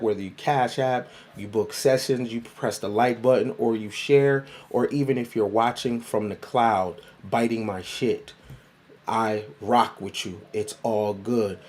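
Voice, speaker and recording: A man hosts a casual livestream at a middle pitch, loose and playful. He talks in slang, greets viewers by city and repeats words for emphasis. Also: steady tone, normal speed, a little mellow. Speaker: livestream host and life coach.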